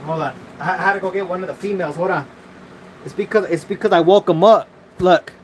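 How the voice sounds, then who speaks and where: Speaking fast, a male livestream host rattles off casual, profanity-laced chatter in a somewhat higher voice. The phone mic catches faint background noise too.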